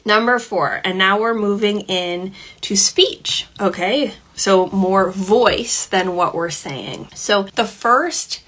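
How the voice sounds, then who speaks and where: A woman talks through a solo podcast episode in a relaxed, chatty way. She keeps checking in with quick "okay?" and "right?" tags and lets small laughs slip in mid-sentence. Now and then she jumps into short voices of a child or a parent to show a point. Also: mid-range voice. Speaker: podcast host, parenting coach. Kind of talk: casual solo podcast teaching.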